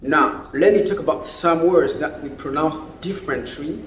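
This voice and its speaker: A man with a Burundian accent teaching English vocabulary, repeating each word slowly and clearly as he switches between languages. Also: a little high, a bit bright. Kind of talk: bilingual vocabulary lesson. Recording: echoey room, faint background noise.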